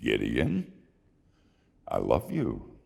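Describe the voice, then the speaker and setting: A man voicing God as a calm, all-knowing male presence in a told story, speaking slowly and plainly. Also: a bass voice, creaky, long reverb tail, voice pushed down, heavily acted. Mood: gently loving.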